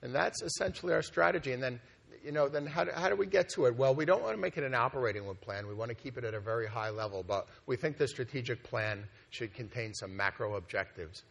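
A man's voice: mid-range voice, lively intonation, quick pace, vocal fry, a bit bright, lo-fi sound. A man presenting a plan to a meeting, conversational and loose, with frequent fillers and restarts. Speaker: organization executive presenting a plan. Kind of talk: conference presentation. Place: meeting hall at a conference.

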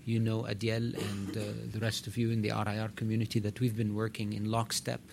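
Gravelly-voiced man, direct and emphatic. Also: lowish voice, monotone, fairly quick, background noise. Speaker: organization executive addressing a meeting. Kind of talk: conference remarks.

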